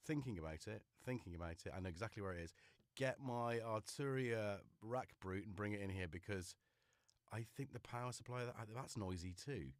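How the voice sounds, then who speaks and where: Full of cold, a livestream host with a Liverpool-tinged British accent chats and rambles from his home studio in a self-mocking way. His lowish voice is expressive and a little fast, with no echo.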